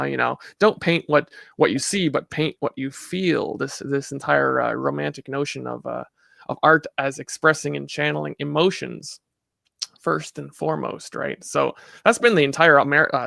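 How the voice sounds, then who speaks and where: A man's voice: mid-range voice, creaky, pushed and bright, no echo, clean studio sound. A man from Canada in casual conversation, talking in a discursive, heady way with many fillers and restarts.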